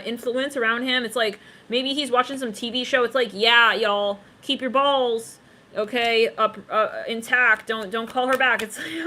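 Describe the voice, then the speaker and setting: This tarot reader's voice is a little high, pushed and bright, as she does a relaxed psychic reading for her viewers. She rambles, chats to them directly, laughs a lot, and slips into bits of song. Slight background noise is audible.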